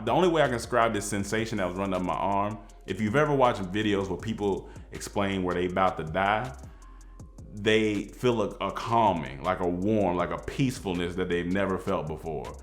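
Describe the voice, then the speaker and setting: A man telling a personal story in a casual, animated way, acting out the people in it. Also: low voice, normal speed, faint music behind. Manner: animated, excitable storytelling with voiced quotes.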